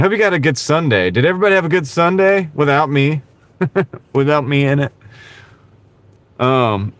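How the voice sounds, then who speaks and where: A man's voice: mid-range voice, dry recording. A man hosting a live stream from his car while gig driving. He chats casually with viewers in a laid-back, rambling way and often says "dude". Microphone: wireless clip-on mic.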